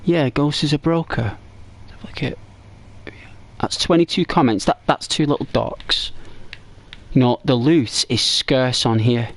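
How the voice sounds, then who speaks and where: A man with an English accent talks over a game in a loose, chatty way, at a middle pitch for a man. He circles back on his own words and restarts sentences. When a story gets going, his voice lifts and quickens. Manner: rambling, chatty, repeats and restarts phrases; gets animated and higher when telling stories. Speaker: gaming streamer. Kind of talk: casual gameplay commentary.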